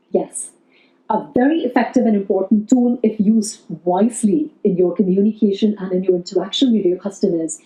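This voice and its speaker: A woman coaches viewers on customer service in an earnest, friendly way. Her voice is very mellow and warm. She speaks in an echoey room. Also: medium pitch. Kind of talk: instructional video talk.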